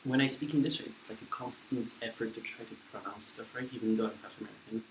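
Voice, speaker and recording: A man's voice: fairly low pitch, steady tone, quick pace, noisy background. A young man with a French accent, chatting casually while eating, rambling and blunt with lots of fillers. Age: young adult. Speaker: vlogger. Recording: echoey room with faint ambience.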